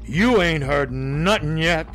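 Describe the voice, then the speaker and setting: A man announcing a radio show's tag lines in a slow, showy, sing-song way. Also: fairly high pitch, lively intonation, fairly bright tone, soft background music. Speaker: show jingle announcer. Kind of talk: drawn-out show tag line.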